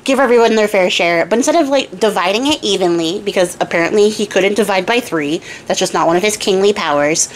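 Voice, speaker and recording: A woman's voice: mid-range voice, rough recording. A young woman host casually retelling a fairy tale with jokey asides and lots of fillers, on a close home mic. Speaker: storyteller and craft channel host.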